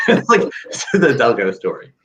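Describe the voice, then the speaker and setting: A man's voice: medium pitch, huge pitch swings, a bit bright. A man co-hosting a casual comedy chat, riffing playfully off his guest's stories. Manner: playful, riffing jokes, quick laughs. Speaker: co-host.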